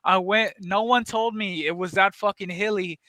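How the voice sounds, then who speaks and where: A man's voice: high voice, steady tone, moderate pace, pushed and bright. A man hosting a podcast, telling loose, profane stories in casual chat. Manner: loose, profane storytelling with laughs. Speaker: podcast host.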